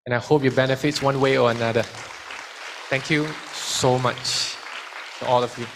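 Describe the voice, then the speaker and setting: A man's voice: mid-range voice, moderate pace, a crowd in the background, background noise. Man giving a study seminar. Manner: lively, mixes in Malay phrases. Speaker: study skills speaker. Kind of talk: seminar talk with Q and A.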